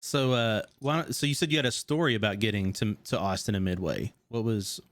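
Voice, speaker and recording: A man's voice: fairly low pitch, fairly quick, no echo. A man hosting a casual interview, asking questions in a friendly way with short encouraging replies. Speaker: podcast host.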